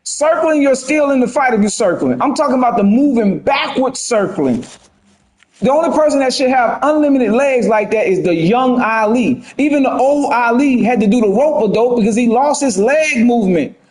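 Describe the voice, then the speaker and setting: High-voiced man doing streetwise game commentary. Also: moderate pace, echoey room, poor audio. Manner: animated, slangy, talks to chat. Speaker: gaming streamer. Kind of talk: casual gameplay commentary.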